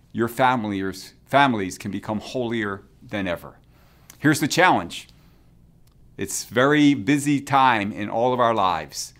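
Man, bishop, short sermon reflection, gentle measured pastoral tone, soft phrase ends. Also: mid-range voice.

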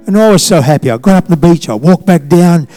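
Older pastor preaching. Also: male voice, on the high side, expressive. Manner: swings from loud declarations to hushed, halting recollection. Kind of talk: sermon.

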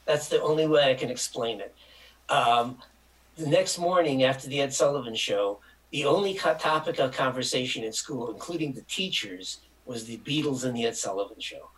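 An older man tells a long personal anecdote in a relaxed interview. His voice sits at an ordinary pitch, and his telling is rambling but animated, as he acts out the people in his story. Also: normal speed, poor audio. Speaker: interview guest.

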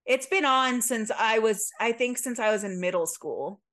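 A woman's voice: a little high, expressive, normal speed, fairly bright tone. Chatty young woman co-hosting a podcast. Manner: chatty, swearing, self-correcting restarts. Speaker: podcast co-host. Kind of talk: casual chat. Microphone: remote call.

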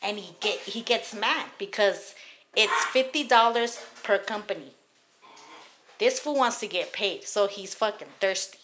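A woman's voice: mid-range voice, unhurried, background noise. A woman in her thirties from Los Angeles, telling a heated, profane story on a casual podcast. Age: 30s. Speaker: podcast host.

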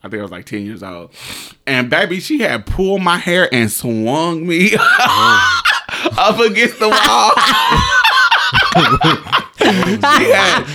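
A young man telling a story in casual chat, animated and laughing, with sound effects. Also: sits high, slow pace, pauses often.

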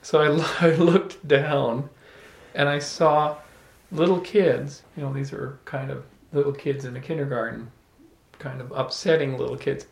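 Gravelly man telling a story. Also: medium pitch, unhurried. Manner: animated, laughs often, repeats words when starting. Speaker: salon speaker. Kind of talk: storytelling to a small audience. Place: room with a small live audience. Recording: echoey room.

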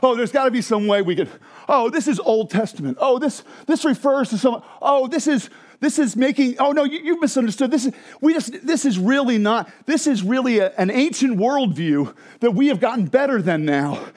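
A flustered, hand-waving believer, as a preacher puts him on, hurrying and talking over himself in a high male voice. He brushes things aside with hasty, breathless reassurance. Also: animated, moderate pace, darkish tone. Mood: dismissive. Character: dismissive, hand-waving male believer explaining scripture away.

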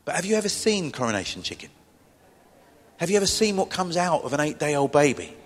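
A man's voice: fairly high pitch, very animated, brisk. A middle-aged man preaching a sermon as a pastor, telling stories in a chatty, self-deprecating way with asides to the congregation. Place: church. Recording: long church-hall reverb.

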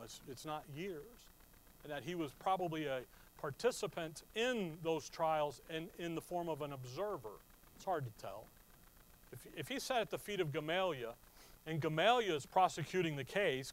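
Male Bible teacher, slightly high-pitched, conversational, slows for emphasis. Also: poor audio. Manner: conversational teaching, rising to slow emphatic stress. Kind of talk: sermon.

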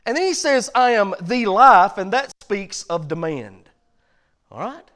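Man preaching, very high voice, quiet stretches rising to loud emphatic lines. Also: lively intonation, unhurried. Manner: builds from low quiet passages to loud emphatic points. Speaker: pastor. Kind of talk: sermon.

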